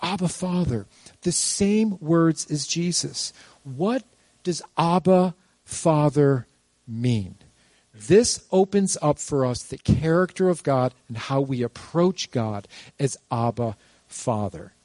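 A man's fairly high voice carries a pastor's sermon, recorded dry and close. He preaches animatedly, tossing rhetorical questions to the congregation and slipping in playful jokes. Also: animated, slow, a little mellow, no room sound.

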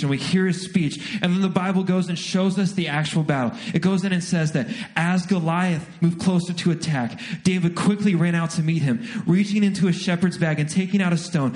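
Brief: young male pastor, slightly high voice, animated and self-mocking in the pulpit. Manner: animated, self-deprecating storytelling with acted asides. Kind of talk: sermon.

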